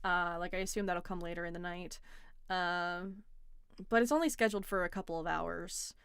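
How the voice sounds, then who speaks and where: A woman's voice: on the low side, normal speed, clear, resonant tone, dry recording. Dry-humored woman hosting a call-in. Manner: relaxed, wry and dry-humored. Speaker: host. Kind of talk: casual call-in debate.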